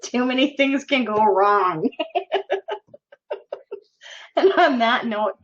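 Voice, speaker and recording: A woman's voice: a little high, slow. Giggly woman podcast host. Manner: giggly, chatty. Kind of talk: casual storytelling. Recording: lo-fi recording.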